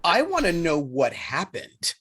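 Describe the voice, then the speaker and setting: An eager facilitator leads a planning chat for a tabletop game. The voice swings widely in pitch and carries a husky breathiness. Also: huge pitch swings, unhurried, fairly bright tone. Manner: eager, probing questions.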